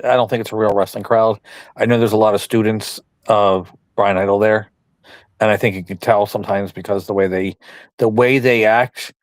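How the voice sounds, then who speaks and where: A man's voice: lowish voice, no echo. A man co-hosting a podcast over a video call, giving blunt, offhand opinions. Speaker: podcast co-host. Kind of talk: casual chat.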